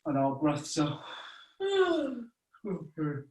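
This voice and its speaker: A man with a fairly high voice leads a children's movement game, talking slowly and coaxing the little ones along. He sounds far from the mic in an echoey room. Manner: animated, coaxing, bursts into loud playful moos. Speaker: children's activity leader.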